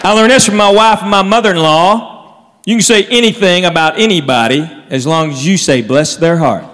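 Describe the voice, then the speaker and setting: A man doing a stand-up set, telling stories with animated impressions. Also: high voice, moderate pace, in a large hall, some chatter behind. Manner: Southern storytelling, animated impressions. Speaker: stand-up comedian.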